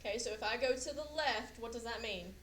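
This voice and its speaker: A woman's voice: on the high side, a little fast, a bit bright. A woman teaching a classroom math lesson, quizzing students and checking in with "okay?" again and again. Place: echoey classroom. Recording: echoey classroom, faint noise.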